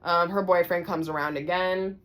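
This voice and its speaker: A woman vlogger telling a story to the camera, casual and animated, acting out the voices of the people in it. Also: on the low side, normal speed. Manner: animated, acts out everyone's voices.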